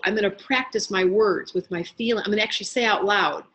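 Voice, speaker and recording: A middle-aged woman teaching an astrology class in an online workshop, animated and talking straight to her students by name. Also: medium pitch, fast talker, few pauses, poor audio. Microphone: webinar computer mic.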